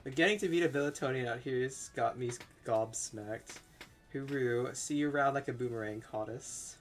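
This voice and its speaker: A man's voice: mid-range voice, moderate pace, natural voice. A man voicing a brash, slangy bush hunter in a put-on Australian accent. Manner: slangy, loud and breezy. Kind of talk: reading game dialogue aloud.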